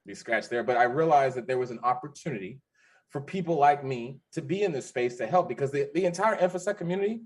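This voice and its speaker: A man's voice: mid-range voice, fast talker, darkish tone. A man of about forty, a podcast guest, telling stories in a casual, emphatic way and often repeating his phrases. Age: 40s. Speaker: podcast guest, security founder. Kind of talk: casual conversational storytelling.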